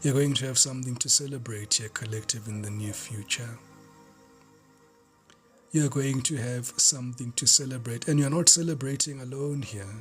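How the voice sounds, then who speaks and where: A tarot reader, a man with a mid-pitched voice, gives a collective reading at normal speed in a fervent, repetitive style. He often drops to a hushed whisper, and faint music plays in the background.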